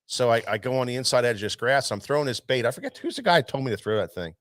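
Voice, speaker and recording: A man's voice: mid-range voice, lively intonation, rapid-fire. A man who runs a tackle shop, telling a long fishing story in casual chat, rambling with many restarts. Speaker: tackle shop owner, show host.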